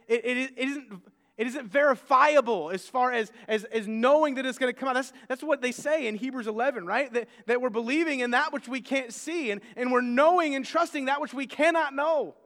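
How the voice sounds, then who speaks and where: A pastor in his thirties, with a very high, fairly bright voice, preaches a conversational sermon, often repeating words as he begins sentences. The recording carries the long reverb of a large hall.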